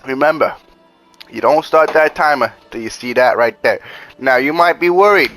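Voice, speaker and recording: A man's voice: moderate pace, fairly bright tone, no room sound, soft background music, poor audio. Laid-back, profane man giving game tips. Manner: laid-back, profane, repeats "bada bing, bada boom". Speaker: gaming channel host. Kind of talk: casual profane gameplay tutorial voice-over.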